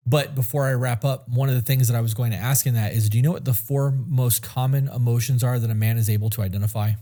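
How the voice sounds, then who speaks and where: Blunt, swearing man with a mellow voice. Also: mid-range voice, steady tone, quick pace. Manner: blunt, heavy swearing, rambling. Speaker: podcast co-host. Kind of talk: casual podcast chat.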